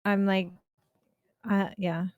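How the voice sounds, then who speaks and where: A woman playing a tabletop game over a laggy voice chat, talking slow and drawn out. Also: medium pitch, flat delivery, no echo, narrow, tinny audio. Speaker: player. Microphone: laggy online voice chat.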